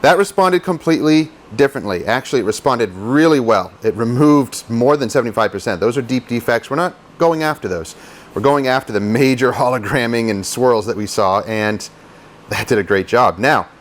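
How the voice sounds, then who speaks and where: A man's voice: medium pitch, animated, brisk. A man who details cars, explaining paint polishing in a casual, chatty how-to style and joking at his own expense. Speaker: car detailer teaching polishing.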